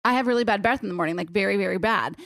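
A woman co-hosting a podcast in casual chat, animated and teasing, with playful exaggeration. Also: medium pitch, rapid-fire, no room sound, studio quality. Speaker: podcast co-host.

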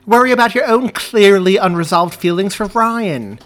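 A man's voice: on the high side, big pitch swings, normal speed, pitched above the performer's own voice. A man voicing a sarcastic, blunt pregnant young woman in an audiobook reading. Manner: sharp, sarcastic.

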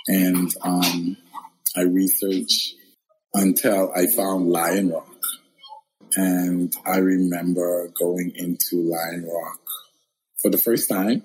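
Interview guest, male, from the Bahamas; deep, husky, expressive storyteller who laughs easily. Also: poor audio. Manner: expressive, laughs often, acts out quoted voices.

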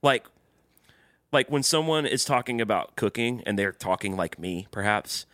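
A man's voice: fairly low pitch, animated, normal speed, fairly bright tone, no echo, clean studio sound. A man co-hosting a casual comedy podcast, ranting and joking with a mocking edge, laughing often and swearing freely. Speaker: podcast co-host.

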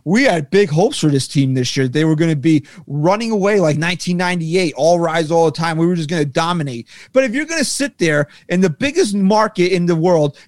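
Male podcast co-host, heated profane sports rant, higher pitch, dry mic. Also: animated, a little fast, hardly any pauses, dry recording. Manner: profane, ranting, sarcastic. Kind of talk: heated casual sports talk.

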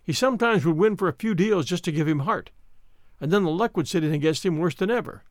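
Casting: male audiobook narrator, expressive first-person telling, high and animated. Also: fast, dry recording, clean studio sound.

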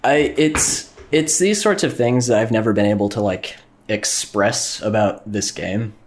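Low-voiced man, halting casual chat. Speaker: co-host.

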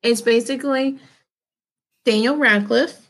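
A bubbly woman co-host chatting on a podcast, her voice a touch husky and slightly high. She talks through laughs in an easy, casual way. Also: steady tone, a little slow, a bit bright. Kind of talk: casual chat.

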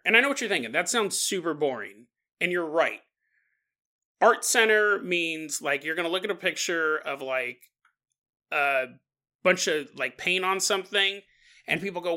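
A man's voice: sits high, expressive, moderate pace, vocal fry, pushed and bright. A man hosting a podcast, telling a story in a rambling, joking way with mock voices. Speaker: podcast host. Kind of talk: comedic paranormal podcast storytelling.

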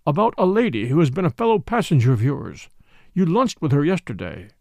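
A self-important French police commissary presses his questions in a formal, insistent manner, voiced by a male narrator. His pitch leaps and dips with emphasis, a touch high, and the sound is close and dry. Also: sing-song, a little fast, gravelly, darkish tone, no room sound. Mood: pompous. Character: pompous middle-aged French police commissary.

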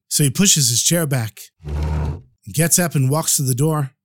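A man narrating a story for a podcast in a lively, animated way. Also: medium pitch, moderate pace, no echo, clean studio sound.

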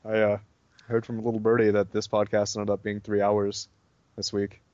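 Low-voiced man on a dull dry line. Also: completely flat delivery, moderate pace, a little mellow, no echo. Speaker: podcast guest. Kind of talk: casual chat.

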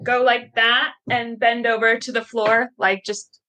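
A woman's voice: fairly high pitch, little pitch movement, a little slow, bright, forceful tone. A woman from the United States giving short, playful answers in a casual interview. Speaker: guest, new staff member.

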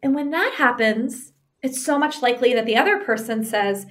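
A woman with a somewhat high voice explains relationship advice in a relaxed, conversational way. She is animated and slips into acted-out bits of arguments, and she keeps checking in with a quick "right?". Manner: animated, acts out example arguments.

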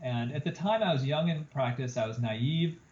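A man who is a plastic surgeon, telling an animated story as a guest on a podcast interview. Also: mid-range voice, moderate pace. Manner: animated storyteller, acts out quoted lines. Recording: roomy, slightly dull podcast audio.

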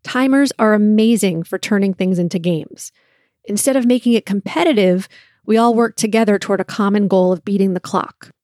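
A woman in her forties hosts a solo podcast and tells her stories with storytelling energy. She livens up her telling when she acts out what she once said. Her voice sits at a middle pitch, and the recording is dry and close with no room echo. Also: a little fast. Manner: storytelling, lively when acting out quotes. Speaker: podcast host and parent.

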